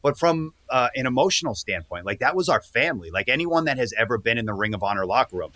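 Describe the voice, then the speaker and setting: Male podcast guest, bright forceful tone, earnest and animated. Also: mid-range voice, quick pace, dry recording. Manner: earnest, animated, speeds up when excited. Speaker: podcast guest, pro wrestler. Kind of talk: casual interview storytelling.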